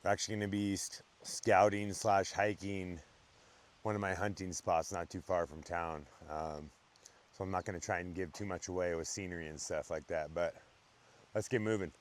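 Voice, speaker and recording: Low-voiced man vlogging on a hike. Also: fairly even intonation, moderate pace. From Montana. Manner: easygoing and conversational, with filler ums. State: slightly out of breath from hiking uphill. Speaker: real estate agent vlogging. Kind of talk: casual vlog while hiking. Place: outdoors on a wooded trail, windy.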